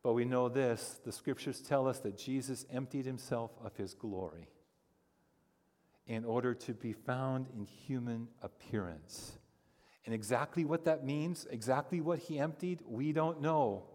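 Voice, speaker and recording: A man's voice: medium pitch, unhurried. Preaching man in an echoing hall. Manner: animated storytelling with humor and rising emphasis. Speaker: pastor. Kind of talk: sermon. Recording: long reverb of a large hall.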